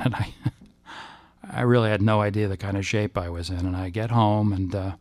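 Gravelly low-voiced man telling a personal story. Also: steady tone, darkish tone, dry recording. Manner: halting and emotional, with frequent restarts. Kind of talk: personal testimony.

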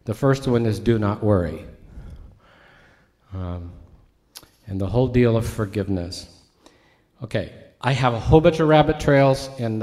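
Mellow-voiced male pastor preaching. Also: medium pitch. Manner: conversational teaching, asides to the congregation. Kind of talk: sermon.

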